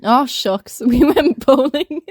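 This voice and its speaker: Young woman, podcast co-host, rambling, giggly, fairly high voice, dry close sound. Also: lively intonation, slow, dry recording. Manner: giggly, rambling, laughs often mid-sentence. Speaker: podcast co-host telling a story. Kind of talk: casual chat.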